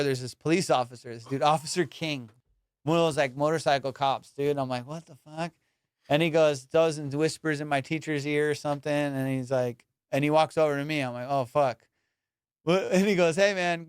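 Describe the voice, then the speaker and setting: A man hosting a comedy podcast, spinning stories in loose slang and throwing on voices for the people in them. His voice sits a bit high and comes through smooth and resonant. The close mic is completely dry, with no room sound around him. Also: dry recording. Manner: slangy, animated, acts out quoted voices. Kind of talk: casual storytelling.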